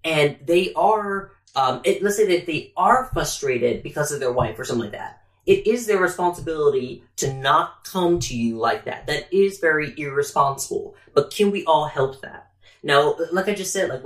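A man talking in a casual discussion, animated and acting out the voices of people he quotes. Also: a little high, normal speed. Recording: echoey room.

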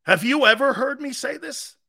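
High, lively sports talk man. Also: moderate pace, vocal fry. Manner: excitable, emphatic, swings between shouting and low asides. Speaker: sports talk show host. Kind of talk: animated sports talk monologue.

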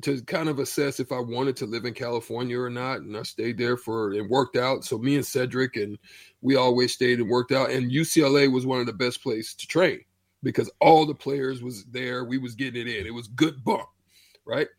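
A middle-aged man, a former basketball player, telling a story in a loose, animated way with slang. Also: mid-range voice, normal speed, dry recording. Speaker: former pro basketball player, show regular. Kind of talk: casual storytelling chat.

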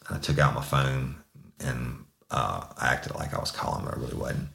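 A man with an extremely deep, low voice recounts a police story. He talks bluntly and matter-of-factly, with plenty of cursing. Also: steady tone, fairly quick, vocal fry, a bit bright, roomy sound. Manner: blunt, profane, matter-of-fact. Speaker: police sergeant. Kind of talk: casual storytelling.

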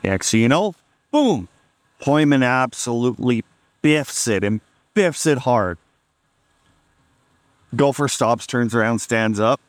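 A man's voice: mid-range voice, expressive, slow pace, long pauses, dry recording. A man casually telling a funny story on a podcast, amused and laid-back, acting out what people said.

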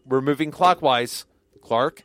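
A man's voice: mid-range voice, takes it slowly, fairly bright tone, no echo, studio quality. A tipsy man co-hosting a podcast, reading game rules aloud and joking around with friends. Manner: reads game rules aloud, laughing, slurred banter. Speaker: podcast co-host, game judge. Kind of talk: drunk casual chat.

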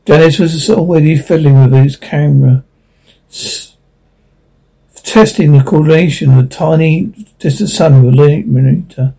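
A man's voice: on the high side, normal speed, creaky, dark tone, slightly rough, low-quality recording. A man reading a science fiction story aloud, stumbling and correcting himself as he goes. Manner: unpolished reading with frequent stumbles and self-corrections. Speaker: narrator. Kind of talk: audiobook reading.

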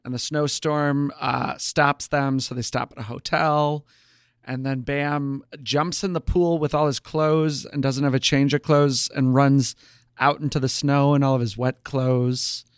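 A man's voice: medium pitch, little pitch movement, measured pace, clean tone, dry recording, studio quality. A man co-hosting a podcast, casually retelling show episodes with plenty of um and like. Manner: chatty storyteller, lots of um and like. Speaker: podcast co-host. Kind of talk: casual chat recapping a show.

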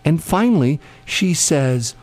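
A fairly high-pitched, animated man speaks slowly in a slightly mellow voice. He's casually telling a long anecdote in conversation, wandering off track with many restarts and bursts of laughter.

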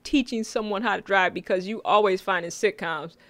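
A woman's voice: mid-range voice, brisk, fairly bright tone, dry recording. A woman co-hosting a casual chat, talking easily, laughing often and reading out comments from the chat. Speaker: co-host of a sitcom recap stream. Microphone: own mic.

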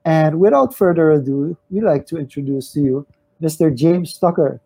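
An upbeat co-host with a mellow, mid-range voice tells how they met the guest and reads out viewer comments. The sound is close and dry. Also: medium pitch, moderate pace, slightly rough, dry recording. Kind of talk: casual conversation.

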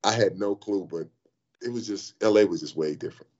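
A man in his sixties telling stories as an interview guest, animated, with frequent restarts and repeated "I mean". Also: lowish voice, fairly quick, highs cut off. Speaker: interview guest, former pro athlete. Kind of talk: animated storytelling in conversation.

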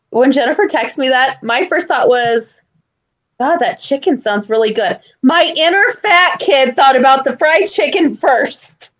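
A young woman co-hosting a casual chat, telling stories with lively, acted-out quotes. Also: high-pitched, measured pace. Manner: animated storyteller who acts out loud quotes. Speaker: podcast co-host.

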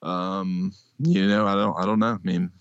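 A man's voice: low voice, fairly even intonation, normal speed, clean tone, no room sound. A man co-hosting a sports podcast, chatting casually in a rambling, self-deprecating way with lots of fillers. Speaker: podcast co-host. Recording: dry, dull lo-fi sound.

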